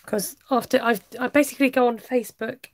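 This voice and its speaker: A woman's voice: on the high side, steady tone, fairly quick, no room sound. An English woman with a slight West Country twang, chatting and laughing with viewers while she works on a live craft stream. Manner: warm chatty, laughs often, talks while working. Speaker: craft livestream host.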